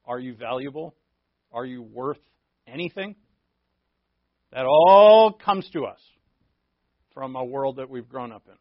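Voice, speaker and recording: A man preaching a sermon, telling stories with animated acted-out quotes and laughing at himself. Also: a little high, dry recording. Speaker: pastor. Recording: dull, dry lo-fi recording.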